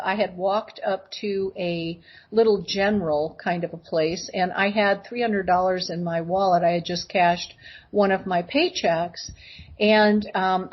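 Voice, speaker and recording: A woman's voice: mid-range voice, muffled recording. A woman guest telling personal stories, acting out the voices of the people in them. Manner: animated storyteller acting out voices. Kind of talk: personal storytelling.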